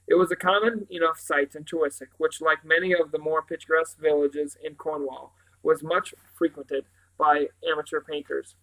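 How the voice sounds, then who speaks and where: A man reading a novel aloud in a steady storytelling manner. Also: on the high side, normal speed, poor audio. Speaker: audiobook reader.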